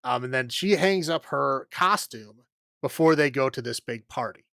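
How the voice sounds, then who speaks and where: A man's voice: medium pitch, animated, moderate pace, creaky, bright, forceful tone, clean tone, dry recording. Rambly podcast host man, dry sound. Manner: rambling, filler-heavy, laughs often. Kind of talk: casual chat recapping a film.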